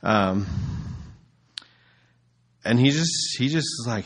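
A man's voice: mid-range voice, animated, takes it slowly, pauses often. A man preaching casually as a pastor, telling a story in a loose, conversational way with filler words.

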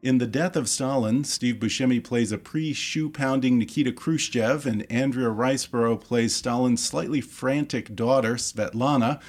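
A man's voice: mid-range voice, moderate pace, few pauses, darkish tone, faint music behind. A man interviewing two film actors in a chatty, enthusiastic way. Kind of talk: casual interview.

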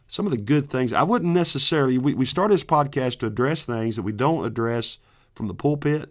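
Man, podcast host, casual rambling delivery. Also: medium pitch. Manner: rambling, restarts often. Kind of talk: casual Christian podcast talk.

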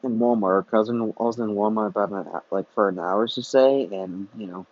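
A man's voice: lowish voice, a little fast, no room sound. Ranting, profane man on lo-fi audio. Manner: ranting, profane and repetitive, restarting sentences. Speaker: podcast host. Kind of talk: solo podcast rant. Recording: dull lo-fi recording.

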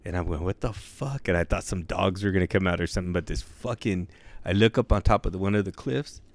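A man's voice: sits low, fairly even intonation, dry recording. A young man telling a long crude joke in casual, profane slang, drawing out his words. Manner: profane, drawn-out slangy delivery. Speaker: joke teller.

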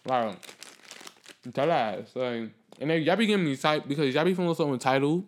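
A man hosting his own podcast alone, talking off the cuff in a blunt, profane, sassy way, swinging between loud outbursts and low muttering. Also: expressive, normal speed, a little hiss or hum. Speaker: podcast host. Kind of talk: solo podcast monologue, unscripted.

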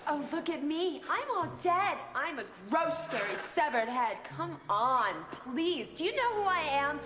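An actress playing a snobby teen cheerleader who mocks and taunts in a sarcastic way, heard as film audio. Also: female voice, high voice, lively intonation, measured pace. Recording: echoey film audio with loud music.

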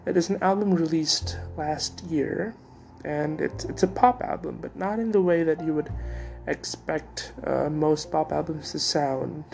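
A man's voice: on the high side, a little slow, vocal fry, darkish tone, faint music behind. A young man hosting his own podcast, talking casually and hesitantly with many fillers and restarts. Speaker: podcast host. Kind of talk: casual solo podcast talk.

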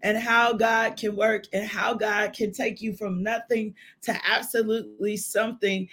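A woman hosting a devotional podcast, preaching with exuberant shouts, whoops and call-and-response. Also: medium pitch, level tone, unhurried.

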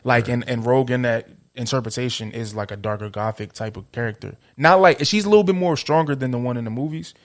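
A man co-hosting a podcast, chatting casually in loose slangy talk, full of "like". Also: medium pitch. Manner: fast, loose slangy talk with many "like" fillers. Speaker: podcast co-host. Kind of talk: casual chat.

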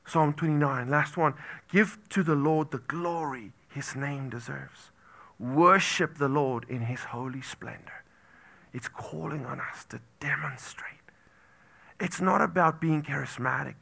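A man preaching a sermon as pastor, animated, swinging from loud exclamations to hushed near-whispers and repeating phrases for emphasis. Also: fairly high pitch, a little slow, vocal fry.

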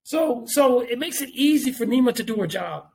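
A man's voice: extremely high pitch, animated, normal speed, creaky, darkish tone, husky. A man, talking as a podcast guest in casual chat, emphatic, repeating himself and swearing freely.

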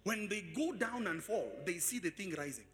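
A man preaching a sermon as pastor, asking the congregation questions and swelling into sung shouts. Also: high-pitched, animated, normal speed. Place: church service.

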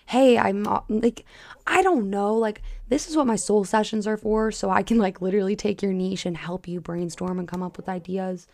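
Young female coach-host with a gravelly, fry-laden voice; passionate, loose, sweary solo talk. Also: medium pitch, normal speed, a little mellow, dry recording. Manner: passionate, frequent filler likes and cussing. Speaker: podcast host and spiritual coach. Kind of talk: casual solo podcast monologue.

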